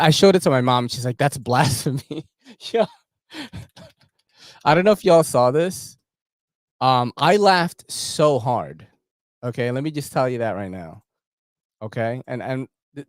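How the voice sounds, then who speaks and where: Slangy man hosting a livestream, mid-pitched, dry close sound. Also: dry recording. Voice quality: slangy, laughing, animated. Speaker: host. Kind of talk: casual livestream chat.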